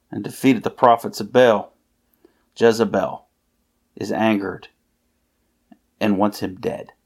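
A man preaching a sermon, earnestly reading scripture aloud with emphasis. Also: on the low side.

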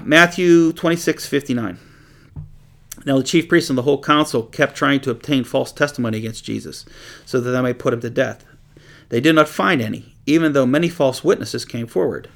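A man's voice: medium pitch, creaky, a bit bright. A man preaching a conversational sermon, reading scripture aloud and explaining it in plain, chatty terms.

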